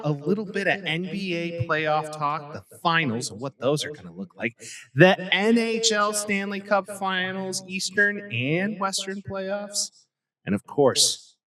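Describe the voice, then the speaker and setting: A man's voice: high-pitched, a little slow, bright, forceful tone, no echo. A young man co-hosting a podcast, chatting casually about sports with teasing, joking banter. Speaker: podcast co-host.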